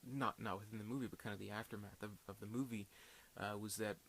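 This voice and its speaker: Male film reviewer, lowish voice, rambling casual delivery, light hiss on the track. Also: fairly even intonation, fast talker, fairly bright tone. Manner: rambling, full of fillers and restarts.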